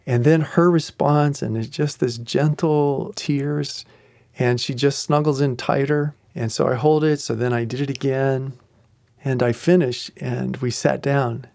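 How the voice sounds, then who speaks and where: A man's voice: mid-range voice, steady tone, unhurried, vocal fry, darkish tone, no echo, clean studio sound. A middle-aged man earnestly telling a personal faith story about leading a small group, acting out what others said. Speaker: ministry group facilitator.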